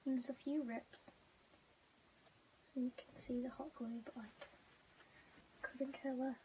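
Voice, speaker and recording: A woman vlogging an unboxing in her bedroom, gushing excitedly and often dropping to a whisper. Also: high-pitched, measured pace, slight background noise. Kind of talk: casual unboxing vlog. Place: bedroom at home.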